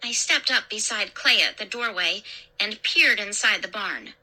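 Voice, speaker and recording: Woman storyteller, scary story narration, dramatic, very lively pitch, slow delivery. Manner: dramatic, expressive. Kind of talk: scripted horror story narration.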